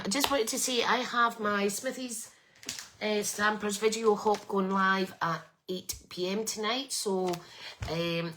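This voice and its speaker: A woman's voice: mid-range voice, noisy background. A middle-aged woman hosting a chatty craft live stream with a bunged-up nose, rambling and greeting viewers by name. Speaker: craft livestream host.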